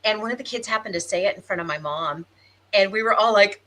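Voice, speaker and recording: A woman's voice: medium pitch, quick pace, fairly bright tone, low-quality recording. A chatty woman with a Southern American accent, co-hosting a live podcast and reading viewer comments aloud. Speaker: podcast co-host. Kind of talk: casual chat on a live stream.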